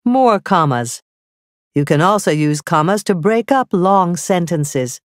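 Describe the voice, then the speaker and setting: A woman narrating a scripted grammar lesson, reading slowly and carefully with clearly spelled-out examples. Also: fairly low pitch, expressive, no echo, studio quality. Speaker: teacher.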